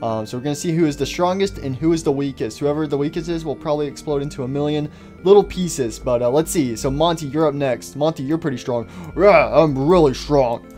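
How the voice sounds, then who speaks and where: A man's voice: a little high, quick pace, mellow, faint music behind. A man hosting a game video with goofy, stammering casual commentary. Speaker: gaming host.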